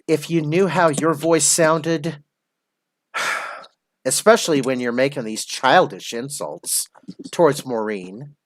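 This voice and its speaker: A man hosting a stream, mocking and lecturing someone slowly and at length. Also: fairly high pitch, a little hiss or hum. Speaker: show host. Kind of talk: live stream commentary.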